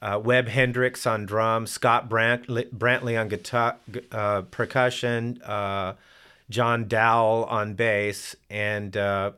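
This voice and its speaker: A man's voice: fairly low pitch, level tone, slow, sharp tone, clear, resonant tone. An older man and musician telling casual stories in an interview, rambling with many restarts. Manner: rambling, full of fillers and restarts. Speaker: musician guest. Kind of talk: casual storytelling.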